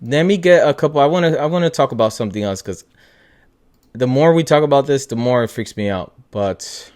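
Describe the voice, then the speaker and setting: A young man hosts a loose, casual chat, getting worked up easily and swearing freely. His voice sits at an ordinary middle pitch, and his sentences often trail off as he talks. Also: brisk. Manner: excitable, swears a lot, trails off. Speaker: podcast host.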